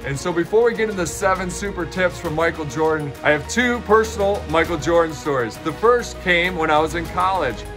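Upbeat male host in his forties, slightly high voice, storytelling over a music bed. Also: expressive, fairly quick, hardly any pauses. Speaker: host and keynote speaker. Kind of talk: casual storytelling to camera.

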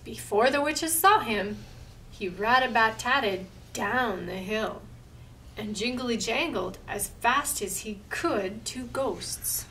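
A woman reading a picture book aloud at a library storytime, slow and expressive. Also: on the high side, distant mic, a little hiss or hum, rough recording.

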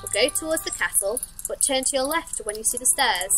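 A woman voicing a fussy, cryptic old male clockmaker who speaks slowly and deliberately. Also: high voice, lively intonation, sharp tone, faint music behind, poor audio.

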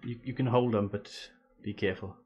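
A man's voice: fairly low pitch, steady tone, fairly quick, slightly rough, lo-fi sound. A man chatting casually on a gaming live stream. He jokes, swears freely and talks to his viewers as he goes.

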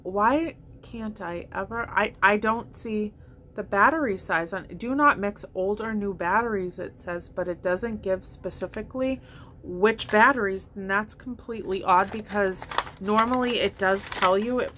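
At a measured pace and in a somewhat bright mid-range voice, a woman casually presents her shopping haul to camera from home. She's upbeat, rambling, and has hiccups; slight background noise is present.

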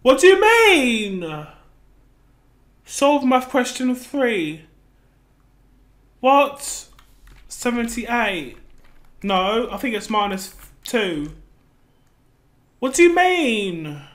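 A woman's voice: fairly high pitch, sing-song, extremely slow, pauses often, full character voice. A woman playing a frightened, clueless noob gamer in a comedic gameplay skit, gasping and exclaiming. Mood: scared. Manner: gasping, easily startled, exclaiming.

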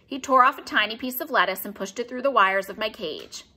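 A woman narrating a children's storybook aloud with an expressive, animated reading. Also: on the high side, brisk. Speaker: audiobook reader.

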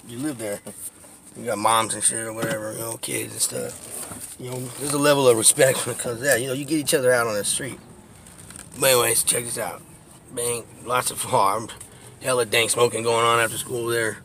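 A man narrates a loose, profane tour of his old neighborhood, laughing as he tells street stories. His voice sits in an ordinary middle pitch and comes through a phone mic inside a moving car. A faint hum of traffic and engine runs underneath. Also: fairly quick. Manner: profane, laughing, animated storytelling. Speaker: vlogger giving a neighborhood tour. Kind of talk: casual storytelling while driving. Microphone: phone camera.

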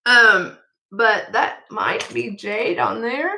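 A woman vlogger sorting through a jewelry haul in an excitable, gushing way, chatting to her viewers. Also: fairly high pitch, slow pace, creaky, slight background noise. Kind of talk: casual unboxing chat.

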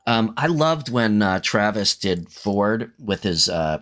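A man co-hosts a podcast and chats casually about tabletop role-playing. He swears freely and laughs easily. His pitch rises and falls a lot as he gets animated. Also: slow. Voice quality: profane, animated. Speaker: podcast co-host.

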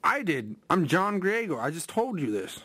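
A man's voice: on the high side, very animated, moderate pace, bright, forceful tone, a little hiss or hum. Indignant young man on a prank call. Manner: insistent, indignant, exasperated. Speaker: prank caller.

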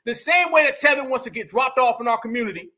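A man hosting a reaction commentary show, loud and mocking, often repeating catchphrases and addressing his viewers as "y'all.". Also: extremely high pitch, fast.

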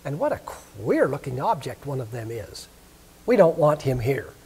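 A man's voice: medium pitch, big pitch swings, moderate pace, darkish tone, slight background noise. A man voicing sneering farmyard ducks who mock a newcomer.

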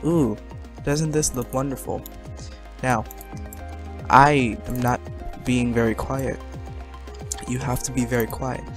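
A man's voice: mid-range voice, fairly even intonation, slow pace, pauses often, faint music behind. Joking young man playing a game. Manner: joking, self-mocking, talks to viewers. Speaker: gaming commentator. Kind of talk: let's play commentary.

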